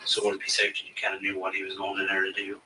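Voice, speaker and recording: A man investigating a case, questioning a witness in a recorded interview with steady, probing questions. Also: low-pitched, very fast. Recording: distant mic with faint hiss.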